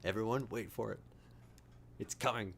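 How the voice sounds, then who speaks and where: A man hosting a casual reaction video, giddy, excitable and jokey as he comments on a TV episode. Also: lowish voice, moderate pace, vocal fry, slight background noise.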